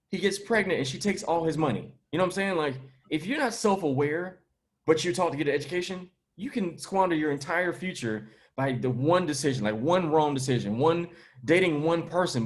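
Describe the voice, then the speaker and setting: A man who is a comedian and podcast host, making his point in casual conversation with emphatic, slangy delivery. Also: fairly high pitch.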